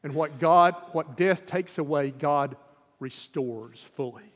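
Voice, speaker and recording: High-voiced emphatic male preacher. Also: fairly even intonation, unhurried, a bit bright, long reverb tail. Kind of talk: sermon.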